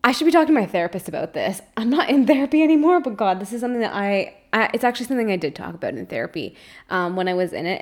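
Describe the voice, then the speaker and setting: A young woman hosting her own podcast, talking openly and at length about her fears, searching for words and swearing freely. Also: medium pitch. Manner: emotionally open and confessional. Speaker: podcast host and spiritual coach. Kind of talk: candid solo podcast monologue.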